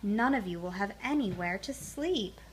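A woman voicing a tired, patient mother bear who sighs and gently scolds, in a storybook reading. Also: medium pitch, expressive, moderate pace, a little hiss or hum, natural voice. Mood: weary. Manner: sighing, groaning, gently scolding.

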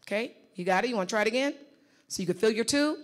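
A woman's voice: fairly high pitch, expressive. A woman leading a live workshop on a conference stage, giving emphatic, direct instructions and calling on the audience. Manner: emphatic, repeats words in quick bursts. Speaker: workshop facilitator. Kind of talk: live coaching session on stage.

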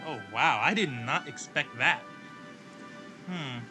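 A man's voice: fairly high pitch, takes it slowly, music in the background. A man casually commenting as he plays a strategy game, thinking aloud about his next moves. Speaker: gameplay commentator and story narrator.

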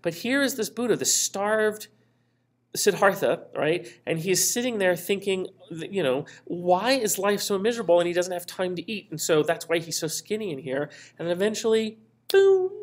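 Male history lecturer, conversational storyteller, fills gaps with ums and "right?". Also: sits high. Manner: chatty storytelling, frequent ums and "right?" asides. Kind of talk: casual recorded lecture.

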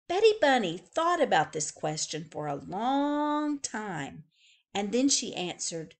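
A woman librarian reading a picture book aloud to young children, slow and expressive. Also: medium pitch.

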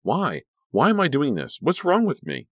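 A man's voice: deep voice, animated, fairly quick, a bit bright, no room sound, studio quality. A man voicing Danielle, a frantic teenage girl. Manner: frightened, then snarling and frantic. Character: anxious teenage girl turning savage.

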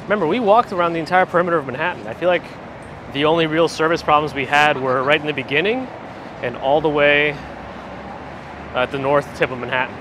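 This livestream host has a fairly high-pitched voice and talks quickly. Walking city streets, he chats casually and reads out viewer comments in a perky way, recorded on a handheld phone gimbal mic amid noisy street traffic.

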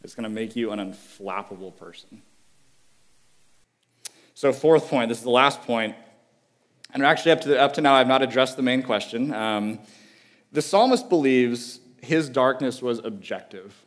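A man giving a sermon as a guest preacher, talking in an earnest, conversational way with emphatic repetition and dropping to a quiet, low voice on key phrases. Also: normal speed, pauses often.

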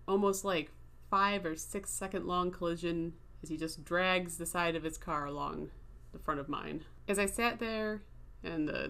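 A woman's voice: fairly low pitch, sharp tone. A woman in her thirties telling a rambling, self-deprecating story as a casual vlog voice-over. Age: 30s. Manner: chatty, self-deprecating, laughs while talking. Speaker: video creator.

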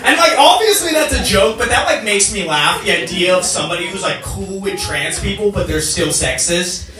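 A man performing a stand-up comedy set in a comedy club, deadpan jokes and riffing with the crowd. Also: high voice, brisk, music in the background. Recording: echoey club from a far mic, loud noise. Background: audience laughter.

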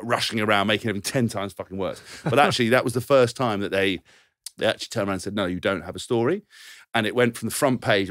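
A man co-hosting a podcast, telling lively anecdotes with swearing, laughter and acted-out quotes. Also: lowish voice, dry recording, clean studio sound. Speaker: podcast co-host. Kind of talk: casual storytelling chat.

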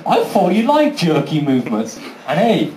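A man's voice: a little high, wildly swooping pitch, moderate pace, a little mellow. A man doing a stand-up comedy set, brash and sweary, acting out little voices for his jokes. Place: comedy venue with live audience. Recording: roomy venue, faint background noise.

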